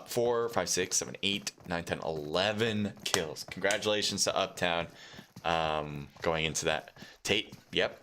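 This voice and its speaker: Guy casting a mobile battle royale match on his stream, lowish voice, rambly with lots of ums, gets hyped on big plays, faint clicks behind. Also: slight background noise. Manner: rambling, chatty, many fillers, bursts of excitement. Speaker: esports caster and streamer. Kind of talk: solo live game commentary.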